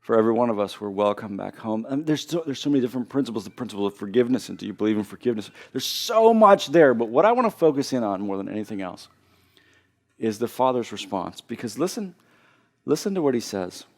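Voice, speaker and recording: A man preaching a sermon as pastor, earnest, often repeating and restarting phrases as he builds to loud emphasis. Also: lowish voice, expressive, fast.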